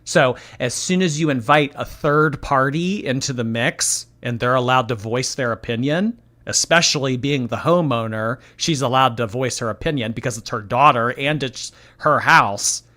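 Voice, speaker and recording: Bright-voiced blunt male commentator. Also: medium pitch, moderate pace, few pauses. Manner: blunt, sarcastic, exasperated. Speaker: commentary host. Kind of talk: casual reaction commentary.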